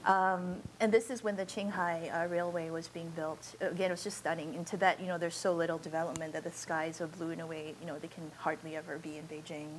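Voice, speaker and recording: A woman's voice: low-pitched, level tone, brisk, hardly any pauses, slight background noise, low-quality recording. A woman photojournalist giving an informal slideshow talk in a university auditorium, speaking in a candid, conversational and unpolished way.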